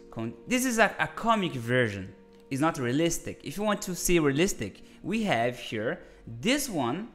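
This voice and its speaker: A man's voice: fairly high pitch, a bit bright. A man hosting a casual live-stream design lesson, chatty and full of restarts, calling viewers "my friend".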